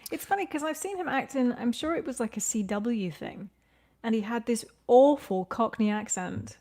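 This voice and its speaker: A fairly high-pitched woman in relaxed podcast banter. She keeps her comments short and easygoing while trading remarks with a co-host. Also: normal speed. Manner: short agreeing replies, relaxed. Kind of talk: casual chat recapping a TV episode.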